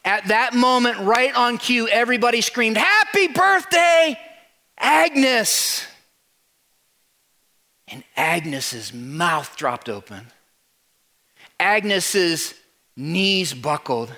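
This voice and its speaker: Animated man preaching a story. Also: high voice, slow. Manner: animated, swings from loud to hushed. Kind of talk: sermon storytelling.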